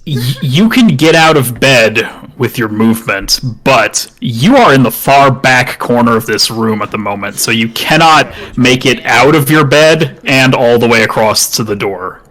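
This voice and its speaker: A man's voice: mid-range voice, a little slow, hardly any pauses, a bit bright, low-quality recording. A man narrating as dungeon master for a tabletop game, good-humored and prone to chuckling as he describes the action.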